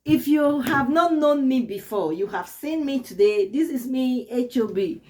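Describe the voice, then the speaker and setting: Young woman chatting to her channel, kinda high voice, keeps laughing and repeating herself. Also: animated, measured pace, warm tone. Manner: laughs often, repeats words for emphasis. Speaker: YouTube vlogger. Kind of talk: casual storytelling to camera.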